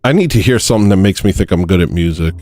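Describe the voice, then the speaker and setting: A man's voice: low voice, lively intonation, very fast, a little mellow, a little hiss or hum. A man hosting a casual livestream, rambling and self-deprecating as he reads chat messages and verses aloud. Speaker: livestream host.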